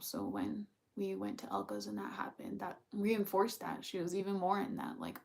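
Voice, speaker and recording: A woman's voice: medium pitch, steady tone, normal speed, vocal fry, few pauses, darkish tone. Woman co-host, casual rambling anecdote, fillers, laughs a lot. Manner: rambling storytelling with many fillers; laughs often while recounting. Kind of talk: casual chat.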